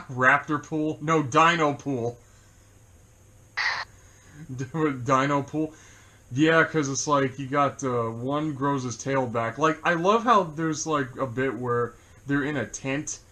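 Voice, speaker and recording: Male co-host for a casual movie chat, rambling and quick to laugh. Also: mid-range voice, pushed and bright. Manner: rambling, laughs often, many fillers.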